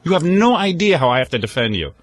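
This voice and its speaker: A man's voice: a little high, sing-song, quick pace, crowd noise. An older man with a New York accent hosting a radio show, arguing on air and cutting others off in indignant bursts. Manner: indignant, interrupting, acts out others in his retellings. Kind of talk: heated on-air studio argument.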